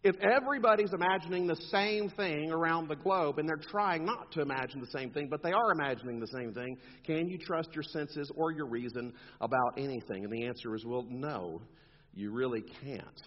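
A man's voice: fairly high pitch, normal speed. A man preaching a sermon, talking animatedly and putting on mocking quoted voices as he makes his points. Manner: animated, rhetorical, mock quotes in asides. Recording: dull long-reverb hall sound.

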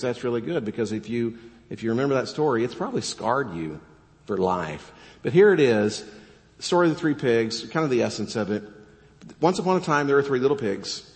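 A man preaching a sermon as pastor, casual and joking, animated as he tells a story. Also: medium pitch. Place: church sanctuary. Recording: long church reverb.

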